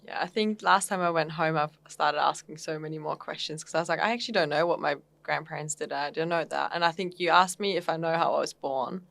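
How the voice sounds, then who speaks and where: Woman podcast host, low pitch, gravelly fry, curious, casual. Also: fast, few pauses, fairly bright tone, dry recording.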